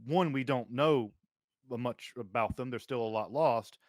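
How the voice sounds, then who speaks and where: A man's voice: mid-range voice, measured pace, darkish tone, no room sound. A man hosting an academic conversation, speaking emphatically and articulately. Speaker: podcast host.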